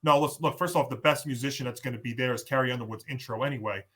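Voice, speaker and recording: A man's voice: mid-range voice, fast, pushed and bright. A man hosting a casual sports podcast, rambling and emphatic with frequent restarts. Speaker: podcast host.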